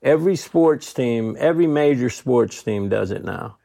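A man's voice: medium pitch, lively intonation, moderate pace, gravelly, mellow, no echo, clean studio sound. A man talking as a guest in casual chat, telling rambling, profane stories.

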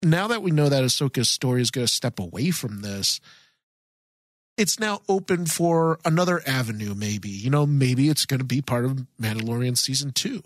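A man co-hosting a podcast in a casual chat, excited and rambling with frequent restarts. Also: mid-range voice, moderate pace, no room sound. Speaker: podcast co-host.

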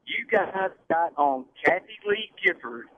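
A man's voice: high voice, expressive, unhurried. A man calling in to a radio talk show who argues defensively and keeps repeating himself as he tries to get a word in. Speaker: caller. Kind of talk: heated call-in argument. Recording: tinny phone line with faint noise.

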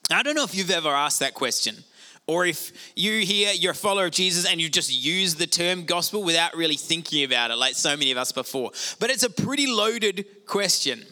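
A middle-aged male pastor preaching a sermon in an animated, conversational way with self-deprecating asides. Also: a little high, brisk.

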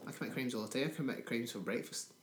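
A man's voice: medium pitch, rapid-fire. A man, co-hosting a podcast and trading crude jokes in casual film-review chat. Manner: crude, joking banter. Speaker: podcast co-host. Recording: roomy echo.

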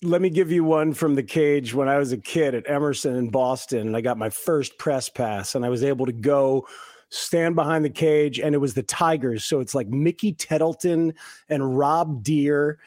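A man's voice: mid-range voice, moderate pace, a little mellow, dry recording, studio quality. A man hosting a casual chat, earnest, acting out the people he quotes as he tells stories. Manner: earnest, acts out quotes with shifts in voice.

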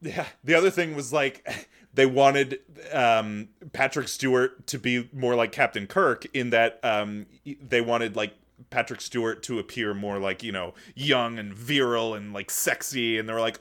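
A man's voice: medium pitch, unhurried, a bit bright. A man co-hosting a podcast in casual chat, laid-back, swearing casually and laughing often. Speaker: podcast co-host.

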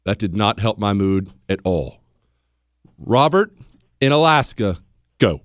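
A man hosting a call-in radio show, indignant and incredulous, swinging from low mutters to loud outbursts into a studio microphone. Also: lively intonation, takes it slowly, dry recording. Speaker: radio talk show host. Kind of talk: opinionated call-in talk radio.

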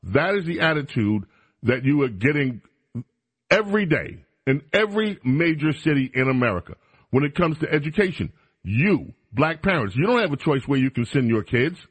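A male talk radio host with a husky edge to his voice and a lot of swing in his pitch. He talks in an animated, opinionated and teasing way, recorded dry on a close studio mic. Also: normal speed, no room sound. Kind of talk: casual talk radio chat.

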